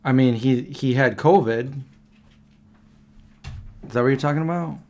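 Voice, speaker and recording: Man, livestream host, casual rambling chat, quick questions back to the chat. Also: medium pitch, darkish tone.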